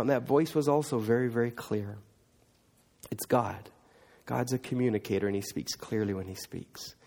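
A man preaching a sermon, telling stories with big swings between loud emphatic lines and quiet low asides.

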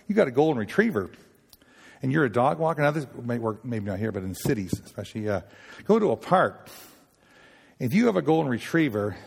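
Nova scotian guy preaching folksy stories, gravelly voice, long echo in a hall. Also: medium pitch, darkish tone. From Nova Scotia, Canada. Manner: homespun, halting, with many restarts and acted-out dialogue. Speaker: sailors' gospel worker speaking at a chapel. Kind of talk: folksy sermon talk with stories.

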